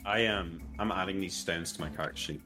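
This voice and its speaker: A man's voice: deep voice, fast talker, over music. A man playing a tabletop game over an online voice call, chatty and thinking aloud as he talks. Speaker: player. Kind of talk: casual tabletop game play.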